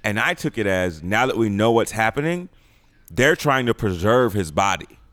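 A man with a somewhat low voice talking through his take on a movie. He builds his points step by step in a calm, analytical way, in casual podcast conversation. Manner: thoughtful, analytical, measured. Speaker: podcast co-host.

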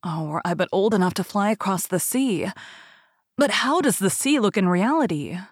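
A woman's voice: mid-range voice, lively intonation, normal speed, slightly rough, no room sound, studio quality. A woman voicing a restless young fir tree. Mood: longing. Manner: yearning, wistful.

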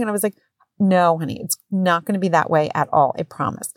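A woman's voice: mid-range voice, fast talker, no echo. Candid woman podcaster, dry close sound. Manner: candid, swears, animated retelling with quoted voices. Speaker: podcast host. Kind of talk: casual storytelling monologue.

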